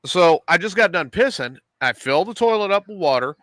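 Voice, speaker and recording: A man's voice: sits high, expressive, a little fast, fairly bright tone, dry recording. A man chatting casually on a podcast from his RV, laid-back and blunt. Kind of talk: casual chat.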